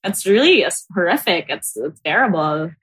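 A woman, a podcast guest telling a ghost story in a casual, animated way and laughing often. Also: moderate pace, slightly rough. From Philippines. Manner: animated storyteller, acts out quotes in high squeals, laughs often.

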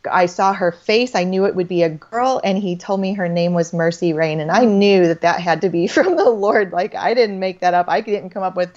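A woman's voice: fairly low pitch, moderate pace, hardly any pauses, a little mellow. A woman in her thirties, a holistic doctor, talking in a rambling, faith-filled conversation full of restarts and trailing phrases. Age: 30s. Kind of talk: casual faith-based conversation. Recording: slightly dull lo-fi audio.

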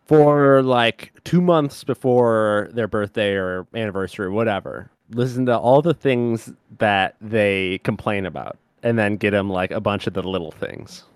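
A man's voice: lowish voice, measured pace, few pauses, clean tone, dry recording. A man on a podcast, speaking in a wry, advice-giving way with crude jokes in casual chat.

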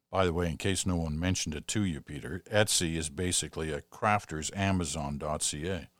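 Canadian male podcast host, somewhat low voice, reads mail then muses aloud in chatty asides; dry, close studio sound. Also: no room sound. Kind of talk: reading listener mail with casual asides.

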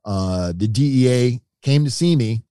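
A man's voice: mid-range voice, unhurried, no echo, clean studio sound. A middle-aged man, a podcast guest telling his own story and acting out the voices of the people in it. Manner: animated storyteller, acts out quoted voices. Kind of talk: storytelling in an interview.

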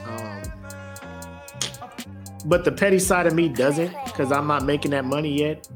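A man's voice: fairly high pitch, measured pace. Forty-something guy shooting the breeze on a podcast, cracks himself up a lot, bit of music faint under it. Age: 40s. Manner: loose, joking, laughs often, swears freely. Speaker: podcast co-host. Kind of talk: casual podcast banter.

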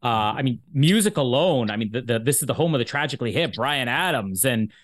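A man's voice: medium pitch, lively intonation, brisk. A man co-hosting a podcast who asks the guest questions hesitantly, with many fillers. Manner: hesitant, fills with "I mean" and "uh". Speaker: podcast co-host. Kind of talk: casual interview questions.

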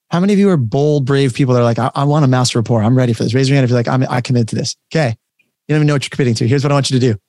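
Energetic man teaching over a video call. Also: medium pitch, dry recording. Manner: energetic, conversational, emphatic. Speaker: coach. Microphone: webcam setup, facing camera.

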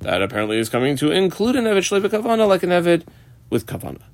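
A man's voice: sits high, sing-song, fast talker, gravelly, dry recording. A man teaching a Talmud lesson, reading the text aloud with a rising lilt and then explaining it in plain English. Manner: reads Aramaic lines with a rising, sing-song lilt, then explains them.

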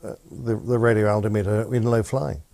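A man's voice: on the low side, fairly even intonation, a little fast, gravelly, darkish tone. A man hosting a podcast, asking interview questions politely with hesitant fillers. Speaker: podcast host.

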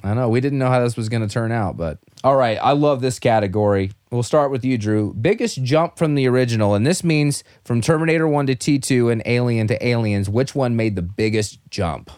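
A man's voice: mid-range voice, brisk, few pauses, darkish tone, no room sound, clean studio sound. A man hosting a casual movie discussion podcast, talking with enthusiasm and acting out quotes. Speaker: podcast host.

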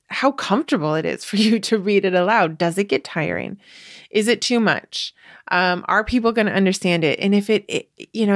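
A woman with a slightly low voice hosts a podcast and shares writing advice. She talks casually, with lots of fillers and self-corrections and the odd light laugh. Her voice sits close to the mic in a very dry, dead-sounding recording. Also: no echo. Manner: chatty, many fillers and restarts; laughs lightly while explaining.

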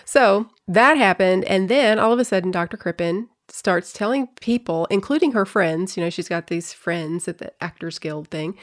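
A woman's voice: medium pitch, expressive, normal speed, hardly any pauses. Casual woman host telling a true-crime story, chatty, playful quoting. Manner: chatty, laughs often, acts out quotes. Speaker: podcast host.

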